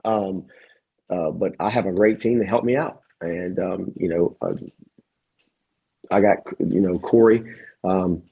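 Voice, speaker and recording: Gym owner guest, male, low and husky, earnest and reflective, halting delivery. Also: lo-fi sound. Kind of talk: casual interview conversation.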